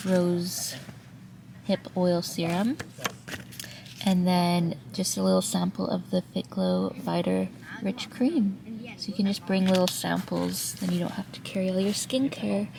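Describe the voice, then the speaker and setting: A woman from Canada chatting casually as she vlogs from a camping tent on an island, relaxed and giggly, recorded on a handheld camera. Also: fairly low pitch, gravelly. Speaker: vlogger. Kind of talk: casual vlog narration. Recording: noisy outdoor camp recording.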